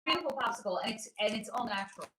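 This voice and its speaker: High-voiced chatty woman in echoey room. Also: lively intonation, rapid-fire, heavy background noise. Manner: chatty and playful, laughs often, teasing. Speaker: livestream host and spiritual reader. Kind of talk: casual livestream chat, answering viewer comments. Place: at home with her child nearby.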